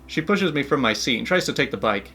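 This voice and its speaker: A man's voice: mid-range voice, lively intonation, fast talker, bright, forceful tone, breathy edge, soft background music. A man hosting a story channel, narrating online stories in an upbeat, chatty way. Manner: upbeat, chatty, laughs between asides.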